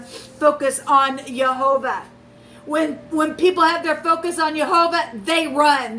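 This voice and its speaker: High-voiced woman preaching over tarot cards. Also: fairly bright tone, a little hiss or hum, poor audio. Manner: emphatic, exhorting, repetitive. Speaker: tarot reader. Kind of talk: tarot reading monologue with religious preaching.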